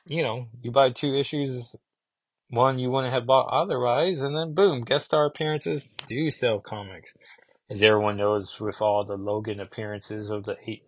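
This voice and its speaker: A man's voice: mid-range voice, no echo. A man in his thirties chatting casually in a rambling way, reviewing comic books, with frequent fillers.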